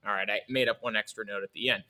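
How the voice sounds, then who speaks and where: A man's voice: lowish voice, steady tone, rapid-fire. A man teaching a music lesson, explaining in an upbeat, playful way with little asides.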